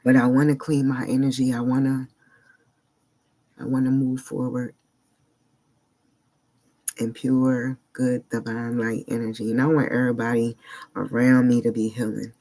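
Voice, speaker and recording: A vlogger talks earnestly to the camera in a personal monologue, groping for words in brief, halting bursts and sounding emotionally unsettled. He has a warm, mid-range voice with little pitch movement.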